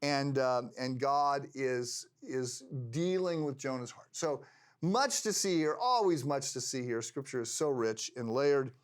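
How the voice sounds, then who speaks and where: An older man teaching a Bible lesson in a conversational, halting way, with frequent restarts. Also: medium pitch, smooth. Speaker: pastor.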